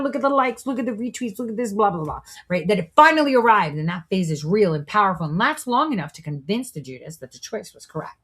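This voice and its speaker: Low-voiced preachy woman host. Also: slightly rough. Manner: preachy, profane, rhetorical "right?" asides. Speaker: show host. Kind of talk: monologue commentary.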